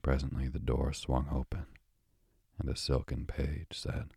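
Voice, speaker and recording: A man narrating a classic novel as a soft, drowsy sleep story. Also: extremely low pitch, little pitch movement, a little slow, creaky, breathy edge, dry recording, clean studio sound. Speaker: bedtime story reader.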